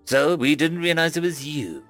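A man voicing a menacing alien chief hunter with a throaty, croaking voice and cold, formal courtesy. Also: fairly high pitch, animated, normal speed, fairly bright tone, soft background music, pitched above the performer's own voice. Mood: coldly polite.

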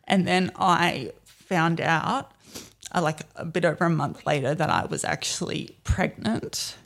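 Slow, reflective woman. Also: sits low, creaky. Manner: slow, soft and reflective, with many fillers. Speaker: podcast guest. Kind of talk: personal storytelling in a casual chat.

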